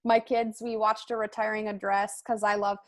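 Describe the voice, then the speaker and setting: A woman's voice: mid-range voice, level tone, moderate pace. A young adult woman hosting a casual motivational team call, chatty and full of fillers. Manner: chatty, lots of "like" and "um". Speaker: team call host and coach.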